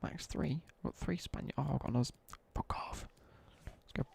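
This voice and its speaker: A man's voice: mid-range voice, a little fast, darkish tone, in a whisper. A young man chatting casually as a streamer, telling a rambling story with asides while he plays a game. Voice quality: gravelly, husky. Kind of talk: casual chat while gaming.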